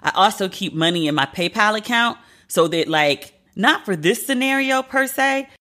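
A podcast host in their thirties, venting in a casual, animated and profane solo monologue. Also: mid-range voice, moderate pace.

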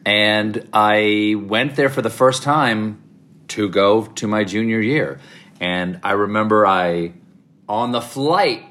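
A man from the American South, answering interview questions with animated, rambling stories full of restarts. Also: on the low side, slow. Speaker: interview guest.

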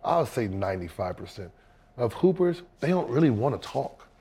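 Laughing, animated man in casual chat. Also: mid-range voice, normal speed. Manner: animated, laughing, mimics others' voices.

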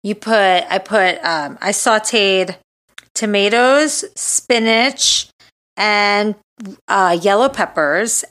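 A woman's voice: medium pitch, takes it slowly, fairly bright tone. Blunt, teasing woman podcast host. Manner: blunt, teasing, easily grossed out. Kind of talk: casual chat.

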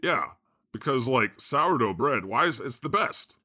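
A man playing God as a jokey podcast host, sarcastic and animated in comedy banter. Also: medium pitch, a little slow, husky, full character voice. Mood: playful. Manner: sarcastic, animated, laughs often.

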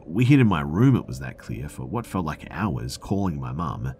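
Man, extremely deep voice, scary story narration, hushed, measured, faint hiss behind. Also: sing-song. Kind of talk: reading a scary first-person story.

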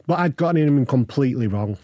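A man, telling personal stories in a lively way and acting out the voices of other people. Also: mid-range voice, quick pace, dry recording, clean studio sound. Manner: animated, acts out quoted voices. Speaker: guest. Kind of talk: conversational storytelling.

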